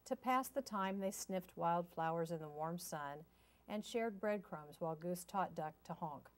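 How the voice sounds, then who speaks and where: A woman reading a children's picture book aloud with gentle, expressive storytelling. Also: fairly low pitch, unhurried. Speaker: storybook reader.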